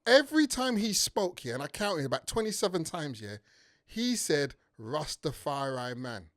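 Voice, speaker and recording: A young man with a London accent hosting a comedic film review podcast, talking in an animated way and tagging sentences with "yeah". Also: high-pitched, moderate pace. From Nigeria. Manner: animated, tag questions and "yeah" fillers. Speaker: podcast host.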